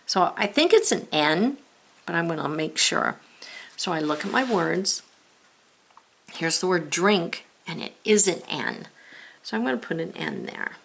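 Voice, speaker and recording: A woman teacher leading a spelling lesson, sounding out letters and words step by step and gently talking the viewer through each task. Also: on the low side, gravelly.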